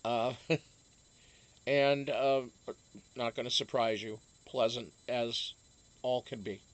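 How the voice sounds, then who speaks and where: A man's voice: mid-range voice, fairly even intonation, takes it slowly. A man from Massachusetts, hosting a casual live stream, rambling with many fillers and restarts.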